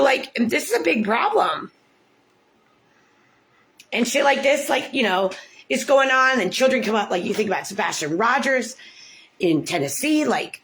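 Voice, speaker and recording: Swearing, indignant American woman ranting. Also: a bit bright. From United States. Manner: swears often, repeats "like", pitch leaps when indignant. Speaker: parent telling about her court case. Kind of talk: angry personal rant to camera.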